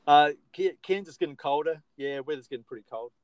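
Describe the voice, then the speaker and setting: A man's voice: on the high side, fairly quick, dry recording, lo-fi sound. A man with an Australian accent hosting a casual podcast chat, easygoing and bantering with his co-host.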